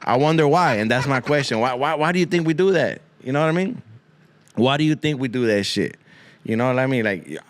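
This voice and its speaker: Dude riffing on his podcast, cussing nonstop, throws in spanish slang, repeats lines, mid-pitch voice. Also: smooth, dry recording. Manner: profane, rambling, slips into Spanish slang, repeats himself. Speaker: podcast host. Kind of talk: crude comic monologue.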